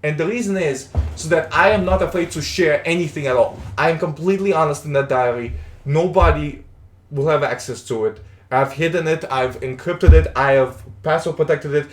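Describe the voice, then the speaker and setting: A man's voice: on the high side, normal speed, reverberant. A man streaming in a casual, rambling chat, stumbling and repeating words, with the odd swear.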